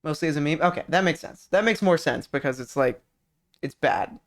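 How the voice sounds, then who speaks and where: A man's voice: on the high side, brisk. A man streaming, chatting casually with viewers, rambling, swearing and restarting his sentences. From California. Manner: animated, profane, rambling with many restarts. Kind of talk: casual stream chat reading viewer messages.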